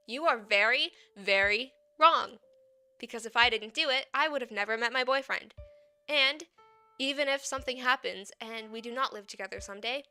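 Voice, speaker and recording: Bright, clear-voiced chatty young woman. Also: a little high, no echo. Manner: rambling, chatty. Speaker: VTuber. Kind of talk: casual chat.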